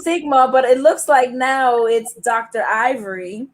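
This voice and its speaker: A woman with a slightly high voice hosts an online open mic, introducing poets in loose, chatty talk sprinkled with fillers. She comes through a video call. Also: measured pace. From New York. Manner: chatty, upbeat, hesitant fillers. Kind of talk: casual hosting chat.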